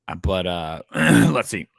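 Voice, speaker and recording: A man's voice: lowish voice, vocal fry, darkish tone, husky, no room sound. A man hosting a livestream in casual chat, rambling with many fillers and restarts. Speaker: livestream host.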